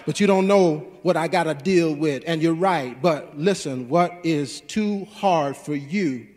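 High-voiced preacher man, reverberant sanctuary. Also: measured pace. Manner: call-and-response preaching, rising to shouts. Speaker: pastor. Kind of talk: sermon.

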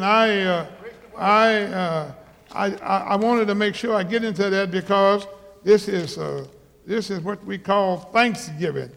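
High-voiced preacher in a reverberant church. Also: male voice, a little slow, vocal fry, some chatter behind, a little hiss or hum. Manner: emphatic, repeats himself, rises to loud exhortation. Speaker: pastor. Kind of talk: sermon. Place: large church auditorium. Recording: church hall with long reverb.

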